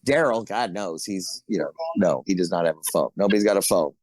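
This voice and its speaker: A man's voice: low voice, lively intonation, brisk, a little mellow, dry recording, poor audio. A man, an actor as podcast guest, telling stories in casual chat with frequent chuckles. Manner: laid-back storytelling, chuckles often.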